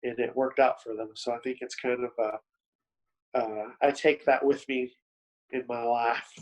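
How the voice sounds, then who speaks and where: A man's voice: medium pitch, fairly even intonation, moderate pace, poor audio. A man from Texas with a mild Texan accent, co-hosting a podcast in reflective casual chat. He laughs easily and uses many fillers. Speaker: podcast co-host.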